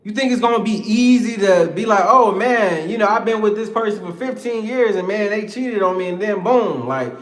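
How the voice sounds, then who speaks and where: A man with a high voice rants in a loose, profane monologue, slangy and animated, breaking into laughter. The room is echoey, with a long tail of reverb. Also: normal speed, hardly any pauses. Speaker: podcast host. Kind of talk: casual monologue.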